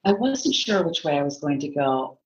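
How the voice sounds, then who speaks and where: Animated middle-aged woman therapist, lo-fi sound. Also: deep voice, normal speed. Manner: animated, laughs often, acts out inner voices. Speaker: psychotherapist guest. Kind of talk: casual podcast conversation.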